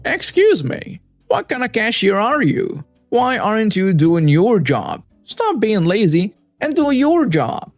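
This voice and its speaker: Guy doing a screechy entitled lady shopper, high and pushy, yells insults. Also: wildly swooping pitch, unhurried, soft background music, exaggerated voice. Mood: shrill. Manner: shrieking, demanding, insulting. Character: shrill entitled woman shopper, screaming and rude.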